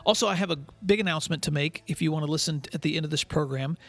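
A man hosting a podcast for school leaders, telling a story in an earnest, measured way. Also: on the high side, gravelly, fairly bright tone, faint music behind. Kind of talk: scripted podcast monologue with storytelling.

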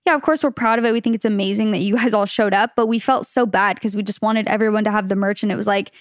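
A young woman co-hosting a podcast in casual chat, bubbly and quick, often slipping into a higher voice to quote herself and others. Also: fairly even intonation, no room sound, studio quality. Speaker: podcast co-host.

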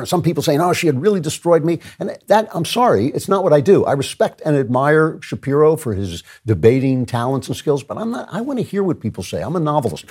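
A man hosting his own show, delivering an earnest opinion monologue with personal asides and repeated phrases. His pitch rises sharply when he makes a point. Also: darkish tone, husky. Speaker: show host.

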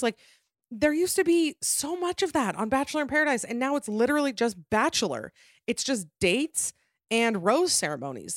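A young woman gossips her way through the show as a podcast host, chatty and self-mocking, full of quick asides. Her voice sits in an ordinary middle register for a woman. It is recorded close and dry, with no room sound. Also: mid-range voice, no room sound. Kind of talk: casual chat.

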